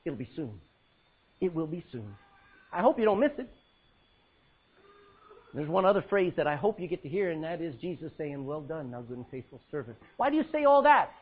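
A male pastor preaching a sermon, swinging between loud cries and hushed words as he quotes scripture in old-fashioned style. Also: fairly high pitch, very animated, normal speed, breathy edge, phone-quality sound.

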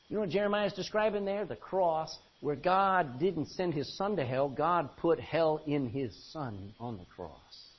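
A male preacher delivering a folksy, emphatic sermon that swings from loud to quiet and calls for amens. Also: a little high, animated, unhurried, few pauses, husky. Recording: dull lo-fi recording.

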